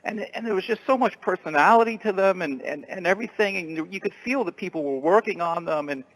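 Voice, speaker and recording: A man calling in to a radio show, chatting in a halting, repetitive way. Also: sits high, a bit bright, low-quality recording. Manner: halting, repeats words, chatty. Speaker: caller. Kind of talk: casual call-in chat.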